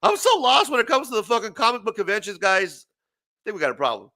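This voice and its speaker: Fast and high-pitched, a man in his 40s rants on his comics talk show. The late-night-style talk is casual and animated, with lots of cursing and frequent laughter.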